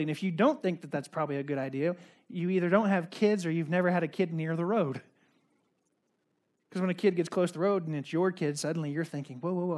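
Male pastor, high voice, casual sermon with chatty asides, loud-to-quiet swings.

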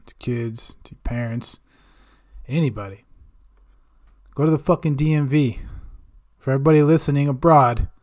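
A male podcast host riffing in a loose, unscripted monologue. He rambles and jokes at his own expense, with swearing in nearly every sentence. His voice sits at a middle pitch for a man. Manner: rambling, swears a lot, self-mocking. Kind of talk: casual profane monologue.

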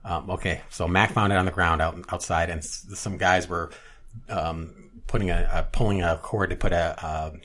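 A man chatting casually on a podcast, retelling a sitcom episode at length with restarts and loud acted-out quotes. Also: sits low, fairly even intonation, moderate pace. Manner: rambling storyteller, many restarts, acts out quotes loudly. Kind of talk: casual chat.

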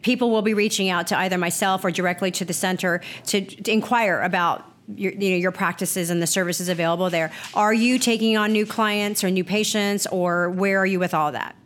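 A middle-aged woman hosting a podcast, talking in an effusive, chatty way and thanking her guest warmly. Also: medium pitch, fairly even intonation, brisk, few pauses. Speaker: podcast host. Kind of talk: casual interview chat.

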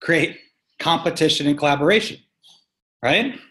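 A man talking as an interview guest about farming, telling an animated story with emphatic, punchy delivery and casual swearing. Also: on the high side, moderate pace. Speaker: guest, sustainable farming practitioner. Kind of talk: conversational storytelling.

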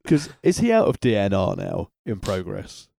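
Wry man, lively voice. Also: on the low side, normal speed, creaky, no echo. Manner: dry wry humor, hesitant with fillers. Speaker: wrestling podcast co-host. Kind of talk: casual chat.

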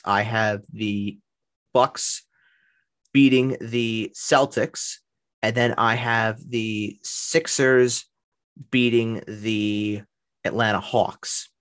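A man's voice: mid-range voice, a bit bright. A man co-hosting a podcast in casual sports chat, opinionated and given to repeating words as he starts. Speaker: podcast co-host.

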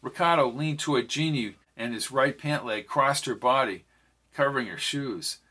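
This is scripted audiobook narration by a man reading a novel, with every character's dialogue spoken in his natural voice. The voice is mid-range and sharp with a breathy edge, at a normal pace.

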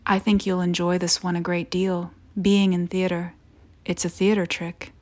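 Sly, teasing mysterious men speaking low and hushed, as a woman reads them out in her own voice. The delivery stays quiet and close. The tone is sinister but gentle. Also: little pitch movement, normal speed, close to an everyday voice.

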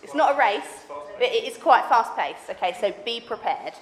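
A woman leading a children's session, teaching hand signs and reading a story to the kids in an animated, teacherly way. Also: fairly high pitch, moderate pace. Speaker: children's ministry leader. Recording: echoey hall with faint background noise.

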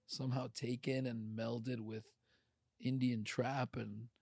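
A man's voice: mid-range voice, level tone, slow, creaky, a little mellow, breathy edge, dry recording, clean studio sound. A man from Ukraine talking in a loose, rambling podcast chat, full of fillers. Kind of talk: casual chat.

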